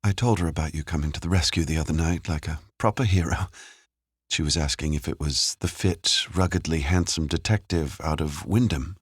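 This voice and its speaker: A man voicing a playful, warm woman in an audiobook thriller, speaking lightly and coaxingly. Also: extremely low pitch, fairly quick, breathy edge, no echo. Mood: teasing. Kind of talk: audiobook character voice. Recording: dry close studio sound.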